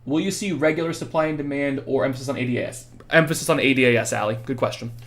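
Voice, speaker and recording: A young adult male economics teacher giving a casual livestreamed exam review, quick and chatty, answering viewers' questions by name, tired after hours of talking. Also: mid-range voice, a bit bright.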